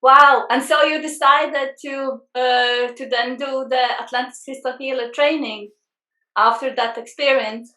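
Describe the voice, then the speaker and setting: A woman hosting a casual interview, a gentle listener who gives soft affirmations. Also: sits high, fairly even intonation, a little slow. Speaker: host. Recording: echoey room.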